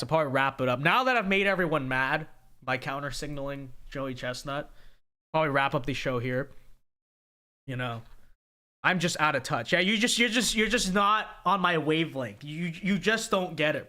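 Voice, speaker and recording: This young man hosts a livestream and goes on a casual, emphatic rant, saying things again and again to make his case. His voice is a little high, expressive and sharp in tone, at a moderate pace.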